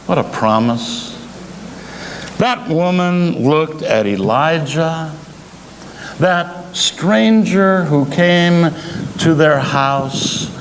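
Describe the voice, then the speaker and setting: A man preaching a sermon as associate pastor, emphatic, with dramatic pauses between phrases. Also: on the high side. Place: church sanctuary. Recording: reverberant church hall, faint noise.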